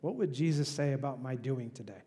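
A man's voice: medium pitch, fairly quick, dark tone, big-room sound. A male pastor preaching a sermon in a conversational, emphatic way, with rhetorical questions. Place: church.

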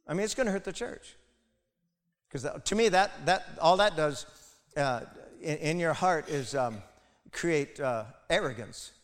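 Male pastor, fairly high voice, impassioned sermon delivery, long church-hall reverb. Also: lively intonation, a little slow. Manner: impassioned, builds to loud emphatic peaks, asides to congregation.

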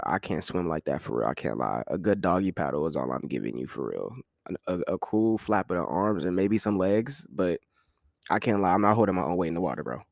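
A man's voice: fairly low pitch, dry recording, clean studio sound. A man hosting his own podcast, chatting loosely to his listeners as y'all, joking, slangy and laughing often. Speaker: podcast host. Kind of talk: casual solo podcast chat.

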